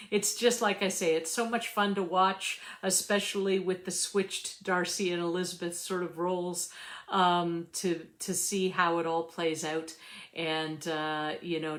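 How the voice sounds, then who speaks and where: A woman's voice: lowish voice, a bit bright. A librarian woman, chatting enthusiastically about books with lots of ums. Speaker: librarian hosting a book talk. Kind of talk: casual book review livestream.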